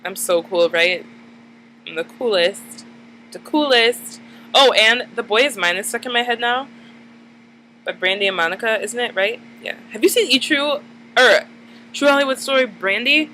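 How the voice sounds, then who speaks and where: Chatty young woman with a bright voice. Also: on the high side, moderate pace, a little hiss or hum, poor audio. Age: 20s. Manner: rambling, chatty, lots of "like" fillers. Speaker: vlogger. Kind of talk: casual chat to camera. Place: dim room at night.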